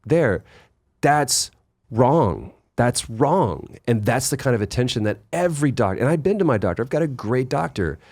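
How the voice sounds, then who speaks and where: A man guest on a podcast, chatting casually as an animated storyteller who swears freely. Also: medium pitch, fast talker, hardly any pauses, no echo, studio quality. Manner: animated storyteller, acting out other people's lines, swears freely. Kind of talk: casual chat.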